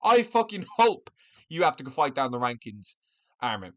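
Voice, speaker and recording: This MMA commentator hosts his own channel, ranting angrily from his room at home in a heated commentary vlog. His mid-range voice swings widely in pitch, moves at a moderate pace, and sounds a bit bright. He swears constantly throughout.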